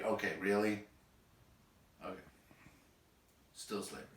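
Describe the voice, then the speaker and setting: Wry Boston teacher reading aloud. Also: male voice, on the low side, sing-song, moderate pace, fairly bright tone, distant mic. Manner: wry, sardonic asides. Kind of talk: reading a textbook aloud with asides. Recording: echoey room, voice off-mic.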